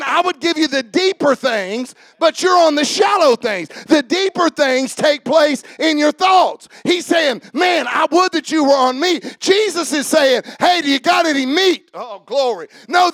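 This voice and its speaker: A man preaching a sermon, animated and shouting, joking with the congregation. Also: very high voice, no echo. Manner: animated, shouting preaching with laughs and audience calls.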